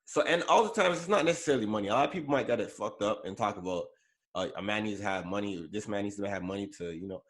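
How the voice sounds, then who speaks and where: A man's voice: on the low side, very fast. A man co-hosting a podcast, chatting casually about celebrity news with frequent fillers and self-corrections. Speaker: podcast co-host. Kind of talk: casual pop culture chat.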